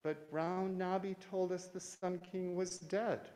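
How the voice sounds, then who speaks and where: A man's voice: on the high side, expressive, measured pace, a little mellow, pitched above the performer's own voice. A man voicing a curious elder female fairy in a raised, wondering voice, recorded in a reverberant hall.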